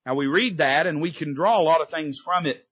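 A man preaching an impassioned sermon from a church pulpit, his pitch rising and falling sharply. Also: fairly quick, fairly bright tone, slightly rough, dull audio. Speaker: Baptist pastor. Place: church sanctuary.

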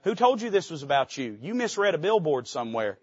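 A man's voice: on the high side, big pitch swings, brisk, slightly rough, lo-fi sound. A male pastor preaching from a church pulpit, emphatic and folksy. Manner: emphatic, folksy, quotes old scripture aloud. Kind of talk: sermon.

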